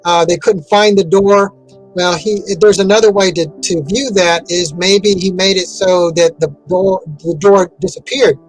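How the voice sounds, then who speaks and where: A man's voice: sits high, fairly even intonation, a little slow, faint music behind, low-quality recording. A man giving an interview in a casual, rambling way, with many fillers and restarts. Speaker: interview guest.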